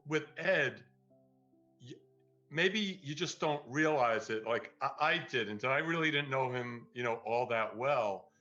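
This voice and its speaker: Male, unhurried, halting reflective speaker, muffled recording, faint music behind. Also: mid-range voice, a bit bright. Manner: halting, stammering, searching for words. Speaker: tribute speaker. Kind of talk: reflective tribute remarks. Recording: dull lo-fi recording.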